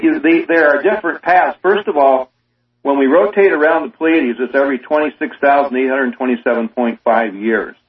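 A man calling in as a guest on a radio talk show, chatty and expansive. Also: mid-range voice. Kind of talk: casual radio interview. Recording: roomy distant lo-fi radio sound.

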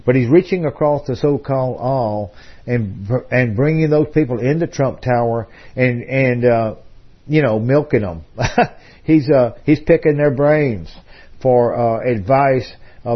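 A man's voice: mid-range voice, a little slow, breathy edge, muffled recording. A man hosting a talk radio program, telling a long story in a discursive way with frequent fillers and restarts. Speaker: radio host.

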